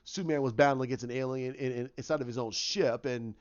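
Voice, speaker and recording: Man putting on a calm superhero, steady, matter-of-fact, muffled lo-fi sound. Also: medium pitch, quick pace, clear, resonant tone, close to an everyday voice. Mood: casual. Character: calm resolute male superhero. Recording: dull lo-fi recording.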